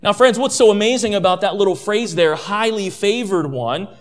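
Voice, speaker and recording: A man's voice: high voice, normal speed. A man preaching a sermon, emphatic, repeating his key points and calling his listeners friend and family.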